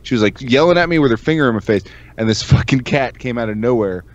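A man's voice: mid-range voice, animated, fast. A man co-hosting a podcast in casual chat, swearing often and laughing through his stories. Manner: profane, laughing storyteller. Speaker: podcast co-host. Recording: dull lo-fi mic.

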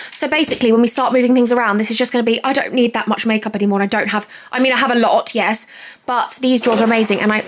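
A woman's voice: a little high, a bit bright. Chatty breathless young woman vlogging. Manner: chatty, bubbly, rambling. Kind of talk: casual vlog chat. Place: at home indoors.

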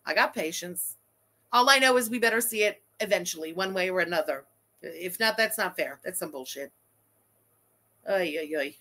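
A woman's voice: lowish voice, brisk. A young adult woman hosting a casual livestream, reading super chats aloud and ranting with lots of swearing. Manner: profane, animated, ranting.

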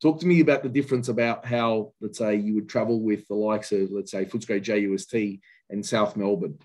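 A man's voice: fairly low pitch, fairly even intonation, fairly quick, a little mellow. A male host asking conversational questions in a casual interview. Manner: conversational, brief prompts and questions. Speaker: podcast host.

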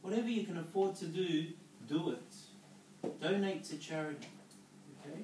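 A slightly high, darkish-toned male voice at a moderate pace belongs to a network marketing speaker giving a motivational business talk. He coaches the audience with check-ins like "okay?" and "yeah?", heard from far off in an echoey room with a little hiss or hum.

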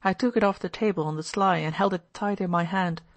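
A woman's voice: on the low side, steady tone, a little fast, lightly acted. A woman reading the part of a sober young man who speaks bluntly and irritably. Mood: plain.

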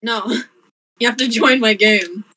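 Bright-voiced excitable gamer woman. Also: a little high, a little slow, slightly rough, dry recording, low-quality recording. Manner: swears, laughs a lot, excitable. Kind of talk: casual gaming chat.

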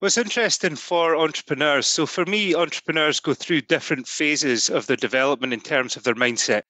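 A man's voice: a little high, fairly quick, sharp tone, no echo. A Scottish man giving friendly, thoughtful answers as a podcast guest. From Scotland. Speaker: podcast guest, entrepreneur coach. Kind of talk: interview answers.

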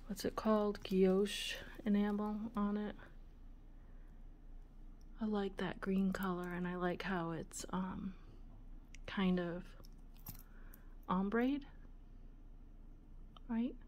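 Slow, soft-spoken woman musing over jewelry. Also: medium pitch, fairly even intonation. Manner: slow, soft-spoken, musing aloud, often drops to a whisper. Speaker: vintage jewelry channel host. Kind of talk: casual show-and-tell of jewelry.

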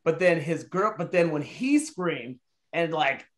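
A man casually telling a spooky story among friends, acting out the people in it with big jumps in his voice. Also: unhurried. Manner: animated, acts out quotes with big pitch jumps. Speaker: podcast co-host.

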